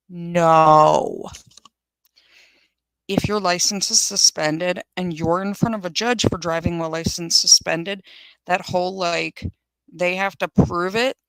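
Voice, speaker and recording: On her live firearms stream, a chatty woman reads viewer comments aloud and responds, keeping her commentary casual, blunt, sarcastic, and full of swearing. She has a fairly low, clear, resonant voice, captured in a low-quality recording with no room sound.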